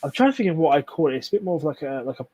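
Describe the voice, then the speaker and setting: A man's voice: fairly high pitch, animated, racing, dark tone, breathy edge. A young man chatting casually on a stream, rambling and swearing as he enthuses about films. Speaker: stream co-host. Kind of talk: casual chat.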